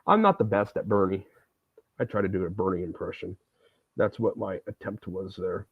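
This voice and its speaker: A man chatting casually on a livestream while playing a game, relaxed and self-deprecating. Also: low voice, moderate pace, breathy edge, no room sound. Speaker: streamer. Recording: tinny, phone-like, dry sound.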